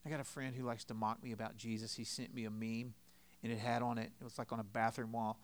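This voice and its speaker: A middle-aged pastor preaches a sermon conversationally, telling stories and swinging between loud and quiet. He speaks fast in a mid-range voice.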